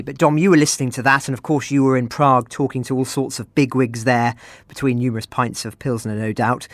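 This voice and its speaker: A man's voice: medium pitch, no room sound. Dry-sounding male podcast host. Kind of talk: scripted news commentary.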